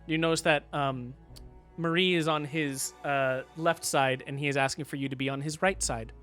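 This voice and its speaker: A man's voice: fairly high pitch, steady tone, moderate pace, fairly bright tone, soft background music. A man narrating as dungeon master in a casual, filler-heavy way. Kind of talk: narrating a tabletop game.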